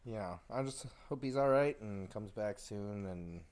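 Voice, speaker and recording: Low-ish laid-back guy from the south, joking around on a podcast. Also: a little slow, darkish tone. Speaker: podcast co-host. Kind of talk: casual chat.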